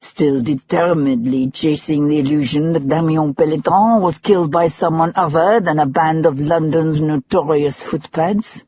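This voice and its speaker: A man's voice: a little high, steady tone, normal speed, hardly any pauses, darkish tone, slightly rough, highs cut off. A narrator doing a curt French diplomat man. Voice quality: dismissive, clipped.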